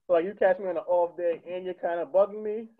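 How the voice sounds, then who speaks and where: Tinny-sounding young comedian, raised pitch. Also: male voice, quick pace. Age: young adult. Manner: animated, profane, laughs through his stories. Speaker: stand-up comedian, podcast guest. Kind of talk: casual storytelling. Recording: tinny phone-like line.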